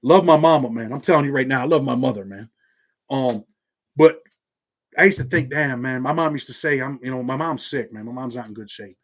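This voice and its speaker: A man's voice: mid-range voice, a little fast. A man with a Southern accent hosting a live stream from his home office, talking in laid-back street slang. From Indiana. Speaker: channel host.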